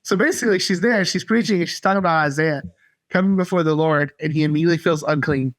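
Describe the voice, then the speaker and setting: A man from North Carolina, a podcast guest, telling a faith story earnestly and haltingly. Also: fairly high pitch, fairly bright tone, dry recording. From North Carolina, USA. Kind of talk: casual faith testimony.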